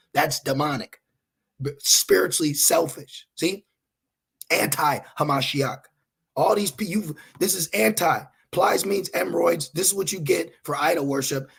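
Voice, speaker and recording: A man's voice: fairly high pitch, vocal fry, husky. A man preaching scripture online, scolding his listeners with blunt, profane asides and reading Bible verses aloud between his remarks.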